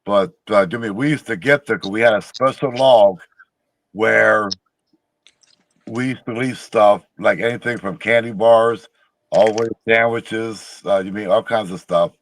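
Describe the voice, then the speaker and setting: A man from Tennessee with a lowish voice talks in a plainspoken, rambling way as a podcast guest. The sound is dry and close, with no room around it. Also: measured pace, fairly bright tone, dry recording. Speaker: guest, Bigfoot researcher. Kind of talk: casual podcast chat.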